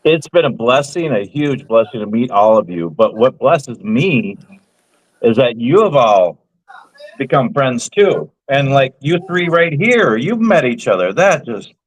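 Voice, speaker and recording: A man chatting casually with friends on a video call, rambling and hesitant, quick to laugh. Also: medium pitch, very animated, poor audio. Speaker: guest woodworking YouTuber. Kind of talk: casual group video chat.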